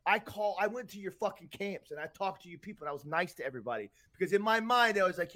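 A man's voice: high-pitched, animated, quick pace, few pauses, bright, forceful tone. A man from Tampa, Florida, co-hosting a podcast, ranting angrily with heavy swearing. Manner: angry, profane, emphatic. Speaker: podcast co-host. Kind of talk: heated podcast rant.

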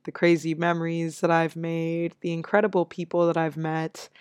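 A woman's voice: low-pitched, flat delivery, moderate pace, darkish tone, clear, resonant tone, dry recording. A young American woman hosting her own show, chatting casually and upbeat with frequent laughs. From United States. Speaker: podcast host. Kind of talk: casual solo chat.

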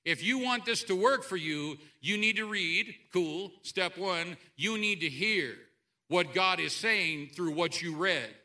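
A man preaching a sermon to a church congregation, animated, swinging between loud outbursts and quiet asides. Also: high-pitched, measured pace. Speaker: pastor. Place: church sanctuary.

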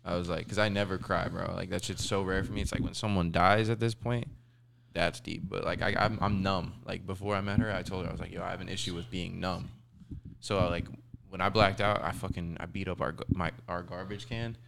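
A man's voice: deep voice, steady tone, brisk, gravelly, background noise. A young man in casual podcast chat, talking loosely with heavy slang and swearing. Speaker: podcast guest.

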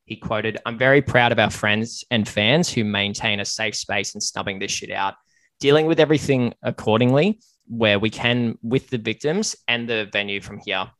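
A man's voice: fairly low pitch, normal speed, a bit bright, no room sound. A man hosting a casual podcast chat, earnest on serious points and joking with his guests. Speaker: podcast host.

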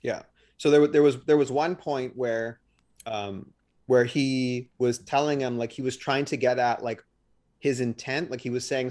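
A man's voice: mid-range voice, steady tone, moderate pace, darkish tone. Rambling man retelling events. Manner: rambling, restarts, retells trial scenes with quoted lines. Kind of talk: casual chat.

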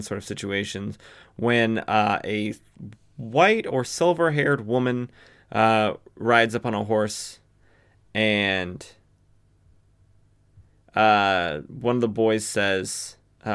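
A man's voice: lowish voice, steady tone, slow, a bit bright, clean tone. A man from the western United States hosting a podcast, casually recapping a comic book with lots of fillers and self-corrections. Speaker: podcast host.

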